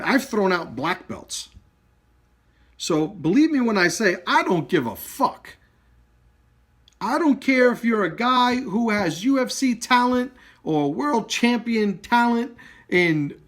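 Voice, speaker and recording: On a live video, a man with a high, lively, slightly breathy voice rants bluntly to camera about his martial arts school. He swears freely and hammers each point home with hard emphasis.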